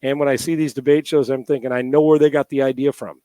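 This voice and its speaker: A man's voice: medium pitch, little pitch movement, fast, warm tone, dry recording. A middle-aged man, a guest in an interview, talking in a heartfelt, emotional way with many restarts. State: emotional, near tears. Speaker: guest, former NFL quarterback and radio host.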